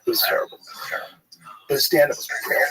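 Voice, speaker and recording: A man's voice: brisk, noisy background. A man, a stand-up comedian and host, telling stories in a loose, casual chat, full of fillers and the odd swear. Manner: rambling, filler-heavy, swears freely.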